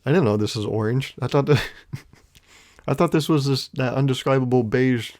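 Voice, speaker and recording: With a mid-range, darkish voice at normal speed, this podcast host talks on his own in a casual monologue. His musings are wry and rambling, sprinkled with casual swearing and frequent chuckles.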